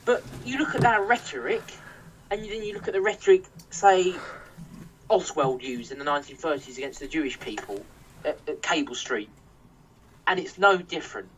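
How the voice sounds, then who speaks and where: A man's voice: a little high, expressive, moderate pace, fairly bright tone. Young english guy ranting on a podcast, swears a lot, sounds far from the mic. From England. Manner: heated, sweary, rambling with restarts. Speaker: podcast host. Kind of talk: casual podcast rant. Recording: distant mic with faint noise.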